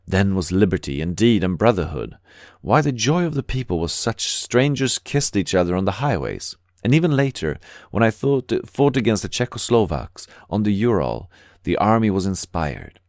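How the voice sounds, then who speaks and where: A disillusioned middle-aged soldier mourns a lost cause in an audiobook, voiced by a man. His low voice is heavy and sighing, recorded close and dry. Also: big pitch swings, moderate pace, darkish tone, no echo. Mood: mournful.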